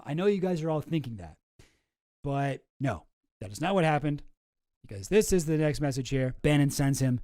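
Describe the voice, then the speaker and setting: A man's voice: a little high, animated, moderate pace, a little mellow, dry recording. Man, sarcastic commentary host, swearing, dry close voice. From outside the US. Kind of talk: casual commentary reading documents aloud.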